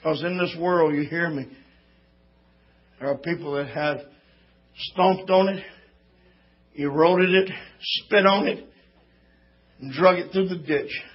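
A man preaching a sermon, folksy at first and building to impassioned shouting. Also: on the high side, slow pace, pauses often, breathy edge, lo-fi sound.

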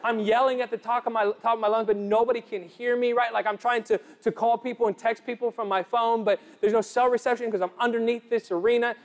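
A young man preaching a sermon, telling a lively story and building to emphatic declarations. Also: very high voice, fast, few pauses. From United States.

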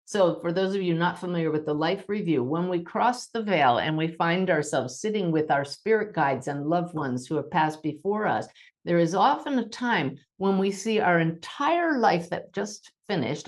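A woman with a low, settled voice hosting a spiritual podcast and answering listener questions. She talks in a gentle, reassuring way. At times she deliberately slows to a measured pace. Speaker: podcast host and medium.

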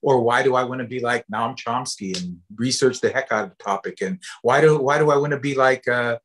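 This Pacific Northwest storyteller and educator gives a playful lecture full of stories, pauses and fillers. His voice is medium in pitch with a fairly bright tone.

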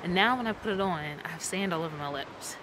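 Young woman, from New York, casual travel vlog, chatty and animated, outdoors, handheld camera. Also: fairly low pitch, quick pace, noisy background. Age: young adult. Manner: chatty, animated storytelling, playful asides. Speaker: vlogger. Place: outdoors in a beach town.

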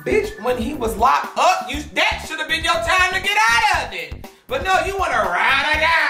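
A man hosting a gossip show, giving casual drama commentary in a sassy, profane, animated way. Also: very high-pitched, moderate pace. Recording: echoey room with background music.

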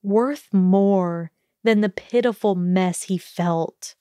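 A woman narrates a fan fiction audiobook at a slow, measured pace, in a mid-range voice. The recording is dry and close, with no echo at all. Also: mid-range voice, mellow, smooth.

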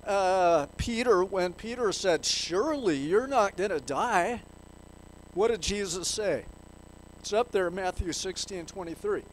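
Slow, high-voiced man preaching. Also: a little hiss or hum, rough recording. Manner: rhetorical questions to the congregation, reads scripture aloud. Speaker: pastor. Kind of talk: sermon. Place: church.

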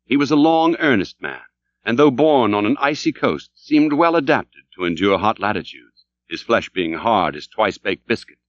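Man narrating with wide expressive swings. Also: fairly low pitch, moderate pace, dry recording. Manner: dramatic, expressive reading. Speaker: audiobook narrator. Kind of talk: scripted literary narration. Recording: dull dry recording.

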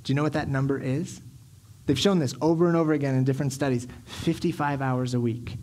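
A man's voice: mid-range voice, steady tone, fast, darkish tone, a little hiss or hum. A man in his thirties preaching a sermon, telling stories animatedly and acting out his children and himself. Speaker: pastor. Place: church sanctuary.

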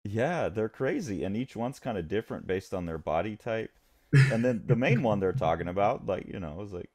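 Deep voiced guy cohosting a comics podcast, excited, keeps doing little character voices. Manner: enthusiastic, acts out characters' lines in quick bursts. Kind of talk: casual chat.

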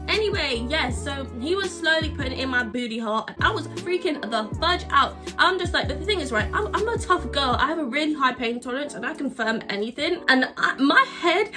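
Young girl doing a storytime vlog, blunt n cheeky, highish voice, music behind. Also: animated, brisk, few pauses. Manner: candid, crude and self-mocking, bursts of laughter. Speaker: vlogger. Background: background music.

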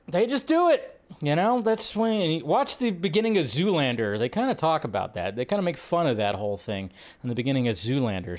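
A man hosting a casual livestream, chatting and rambling about film news, now and then shouting out quoted lines. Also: medium pitch. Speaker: livestream host.

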